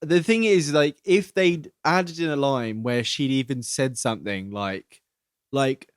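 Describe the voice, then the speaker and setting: A man co-hosting a podcast, casually talking over a film plot with rambling restarts and an animated retelling. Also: mid-range voice, a little slow, clear, resonant tone, no echo, studio quality. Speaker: podcast co-host.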